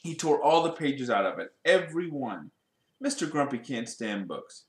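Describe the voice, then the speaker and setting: A man reading a children's storybook aloud in a lively way, putting questions to his young listeners. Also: medium pitch, moderate pace, echoey room.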